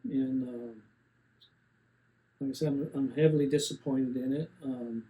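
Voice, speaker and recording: A man's voice: medium pitch, steady tone, measured pace, mellow, low-quality recording. A man in his seventies rambling plainly through a casual gear review, with many fillers and restarts. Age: 70s.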